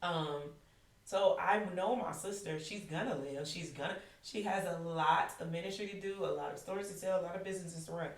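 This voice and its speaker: A podcast guest in her thirties speaks in a fairly low, brisk voice, telling her caregiving story frankly and with emphasis. She often restarts and repeats phrases in this candid, conversational account. The room is echoey and the mic sits at a distance.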